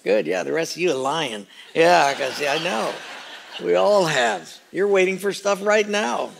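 A man's voice: high voice, a little slow, creaky, fairly bright tone, a little hiss or hum. A man preaching a Christmas sermon as pastor, joking with his congregation in a conversational way. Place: church sanctuary.

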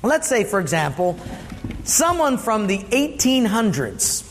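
High-pitched male preacher who quizzes the crowd and draws out key words, long hall reverb. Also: sing-song, a little hiss or hum. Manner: asks the congregation questions, slows for emphasis. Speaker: pastor. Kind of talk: sermon.

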